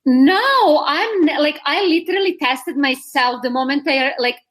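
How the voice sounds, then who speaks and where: Podcast guest, woman, Serbian accent, high lively voice, blunt and quick to laugh. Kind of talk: casual chat. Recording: call from her vacation spot, remote audio.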